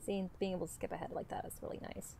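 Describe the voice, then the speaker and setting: A woman's voice: lowish voice, level tone, fast, gravelly, noisy background. A woman hosting a let's play, giving casual, rambling commentary with the odd swear. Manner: chatty, rambling asides with swearing.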